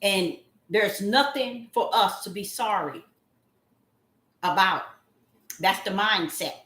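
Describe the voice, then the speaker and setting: A woman calling herself a prophetess, giving a slow spoken devotional message. She draws her words out and breaks into loud cries of apology. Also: mid-range voice, echoey room. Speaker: self-styled prophetess.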